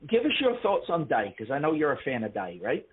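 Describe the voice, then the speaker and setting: Co-hosting a casual podcast, a man rants and swears, often interrupting himself to restart his sentences. His voice sits on the high side with wildly swooping pitch and a fairly quick pace. The line sounds tinny and phone-like, with a crowd in the background.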